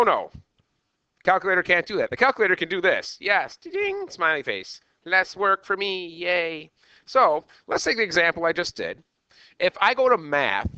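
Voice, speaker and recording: Lively, bright-voiced male math teacher. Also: fairly high pitch, dry recording, lo-fi sound. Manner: animated, repeats "okay" often. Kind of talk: classroom lecture.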